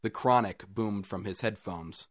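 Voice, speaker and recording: A man reading a first-person short story aloud in a calm, even storytelling manner with dry understatement. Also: fairly low pitch, measured pace, no echo. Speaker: story reader.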